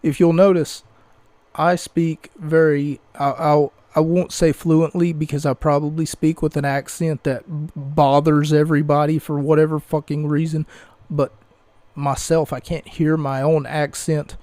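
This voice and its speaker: A man's voice: fairly high pitch, flat delivery, a little slow, darkish tone, dry recording. A man hosting a podcast, recapping wrestling in a rambling, casual way with restarts and asides. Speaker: podcast host.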